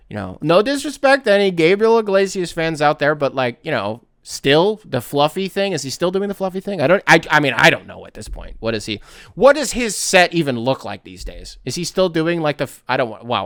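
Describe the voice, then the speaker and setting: A man's voice: on the high side, sing-song, brisk, a bit bright, clear, resonant tone, dry recording, studio quality. A man from the United States hosting a casual solo podcast, rambling and correcting himself as he talks. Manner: rambling, self-correcting, conversational. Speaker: podcast host.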